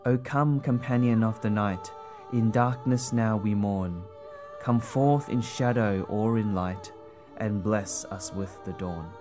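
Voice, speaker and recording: Man doing a gentle storybook dove, soft lilting verse, lowish voice. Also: takes it slowly, over music. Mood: hopeful. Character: gentle female dove singing a song.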